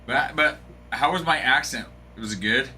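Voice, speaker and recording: A man's voice: medium pitch, moderate pace, sharp tone, slight background noise. A man hosting a live card break stream, joking and bantering casually with viewers.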